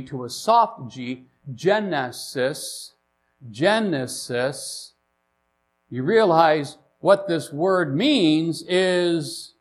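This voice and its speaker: A man preaching a sermon in a church, animated and emphatic, dropping to asides between rises. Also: on the high side. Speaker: pastor.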